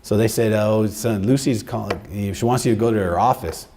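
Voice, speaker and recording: A middle-aged man telling a personal story to an audience in an animated way, dropping Spanish phrases into his talk. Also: lowish voice, normal speed, slight background noise. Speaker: speaker addressing college staff.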